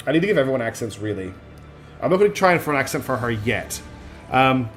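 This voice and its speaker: A man's voice: medium pitch, big pitch swings, quick pace, soft background music. Chatty, rambling male game streamer. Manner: chatty, rambling and self-deprecating. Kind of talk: casual gaming commentary.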